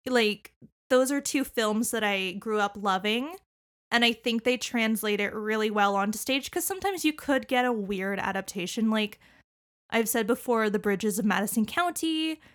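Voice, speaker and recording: A young adult woman co-hosting a podcast, chatting casually about musicals, animated, laughing often and using many fillers. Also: a little high, normal speed. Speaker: podcast co-host.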